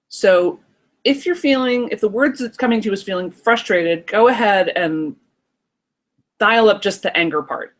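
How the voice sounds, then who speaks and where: A woman hosting a live online workshop, talking in an encouraging, affirming way. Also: fairly low pitch. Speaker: workshop host.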